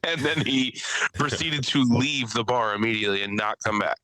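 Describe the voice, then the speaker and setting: A man's voice: mid-range voice, normal speed, rough recording. A young man, hosting a podcast and rambling through comedy stories, swearing freely. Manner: rambling storyteller, swears a lot, acts out people in loud bursts. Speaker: podcast host and stand-up comedian. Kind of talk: casual chat.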